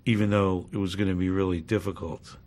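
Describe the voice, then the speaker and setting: A man, a former sitcom cast member, telling a rambling anecdote in a relaxed interview. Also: low voice, a little fast. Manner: rambling, relaxed, many fillers.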